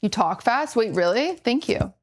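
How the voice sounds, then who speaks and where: A woman streams from home, moving around her kitchen while chatting casually and aiming self-deprecating jokes at her chat. Her voice runs on the high side, expressive, at a normal pace.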